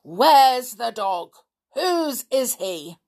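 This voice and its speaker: A woman's voice: a little high, very animated, darkish tone, pitched above the performer's own voice, exaggerated voice. A woman playing a snappish, furious stern man. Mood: angry. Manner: snapping, raised and slow. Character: bad-tempered stern middle-aged man, snappish.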